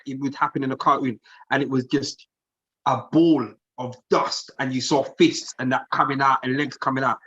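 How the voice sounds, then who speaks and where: A man's voice: mid-range voice, a bit bright. A man from telling a rambling story in casual podcast chat. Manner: rambling, repeats himself while telling a story. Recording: dull lo-fi podcast audio.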